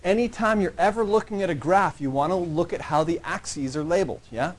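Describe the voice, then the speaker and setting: A man's voice: high voice, fairly quick. A man teaching a college science class in a conversational lecture style, often checking in with the students as he goes. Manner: checks in constantly with "yeah?" and "right?". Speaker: college microbiology instructor.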